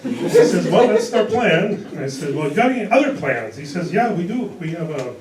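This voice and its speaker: A man in his early sixties performing a stand-up comedy set on a club stage, delivering dry one-liners in a deadpan way. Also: a little high, a little fast. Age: 60s. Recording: echoey club recorded from a distance. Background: audience laughter.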